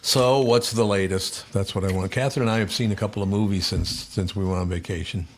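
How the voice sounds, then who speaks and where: A man hosting a relaxed talk show in a fairly low voice. He rambles through anecdotes and laughs along with his own stories. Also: a little fast, slight background noise. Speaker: host. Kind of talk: casual chat.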